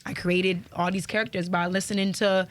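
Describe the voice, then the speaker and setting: A woman comedian from Miami chatting as a guest in a casual interview, animated and quick to laugh. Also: lowish voice, a little hiss or hum.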